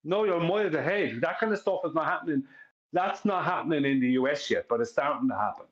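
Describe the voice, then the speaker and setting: A man's voice: fairly high pitch, lively intonation, fast talker. An Irish man chatting on a live stream, emphatic and repetitive, often asking if you follow him. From Ireland. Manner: emphatic, repeats himself, keeps asking "you know what I mean". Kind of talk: casual live-stream chat. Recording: echoey, dull lo-fi audio.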